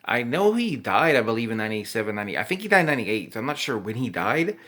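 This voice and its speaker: A man's voice: mid-range voice, sing-song, fast talker, a bit bright. A drunk young man rambling and swearing as he reacts to old commercials, laughing often. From Texas.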